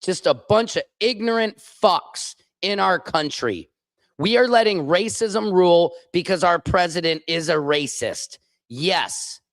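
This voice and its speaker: A man's voice: high-pitched, lively intonation, unhurried, fairly bright tone, dry recording. A man who is a comedian and show host, delivering an angry, profane political rant full of repeated phrases. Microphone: streaming microphone.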